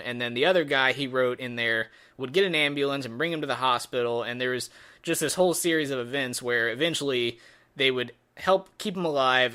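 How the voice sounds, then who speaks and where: A man's voice: mid-range voice, pushed and bright, smooth. A man giving a casual spoken movie review in a sarcastic, exasperated way.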